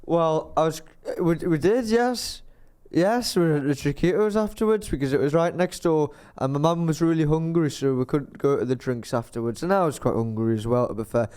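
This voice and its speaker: A man's voice: fairly high pitch, normal speed, hardly any pauses, a little mellow, smooth. A man, co-hosting a podcast and telling a rambling story, acting out what people said. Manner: rambling storyteller, acts out quotes. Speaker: podcast co-host. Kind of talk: casual chat.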